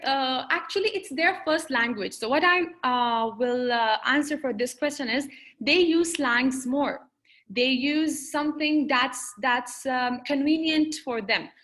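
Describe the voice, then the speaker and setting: A woman's voice: high-pitched, a bit bright. A woman counselling English learners in a webinar, chatty and full of fillers, on a video call. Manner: conversational, many fillers and restarts. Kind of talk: webinar teaching with Q&A.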